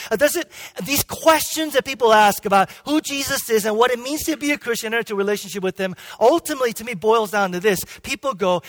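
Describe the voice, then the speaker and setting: High-voiced, emphatic male pastor preaching. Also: animated, fast talker. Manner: emphatic, swinging from loud to hushed; frequent restarts and "okay?" checks. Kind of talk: sermon. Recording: long hall reverb.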